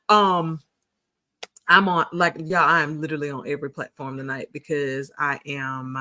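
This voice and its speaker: A woman's voice: low voice, fairly even intonation, moderate pace, sharp tone. A woman, hosting a casual livestream and chatting folksily with her viewers. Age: 40s. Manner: chatty, folksy, addresses viewers as sugars and honey. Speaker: livestream host.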